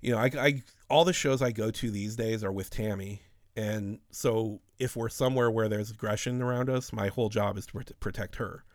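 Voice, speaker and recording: A man in his thirties talks through long, profane, rambling stories in a relaxed podcast chat. His voice sits a little low, and the close mic gives it a dry sound with no room echo. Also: normal speed. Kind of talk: casual chat.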